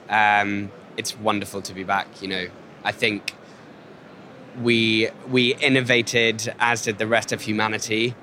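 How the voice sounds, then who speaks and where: A man representing a brand, answering in polished, measured sentences at a trade show. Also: fairly low pitch, pushed and bright, slight background noise. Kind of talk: articulate interview answer. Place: exhibition hall.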